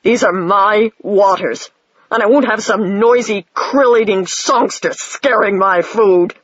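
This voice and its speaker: A reader voices a hostile old female sperm whale wizard, cruel and sharp-tongued, deep in suspicion. The delivery stays close to the reader's own voice, in a dull, dry lo-fi recording. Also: slow, dry recording.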